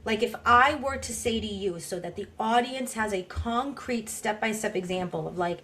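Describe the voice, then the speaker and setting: A woman's voice: mid-range voice, normal speed, pushed and bright. A woman co-hosting a podcast who speaks in an earnest, impassioned way. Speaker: podcast co-host. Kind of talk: podcast discussion.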